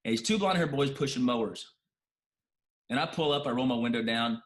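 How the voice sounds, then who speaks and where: A man's voice: medium pitch, a little fast. A man, a guest in an interview, telling a personal story in a heartfelt, emotional way, with many restarts.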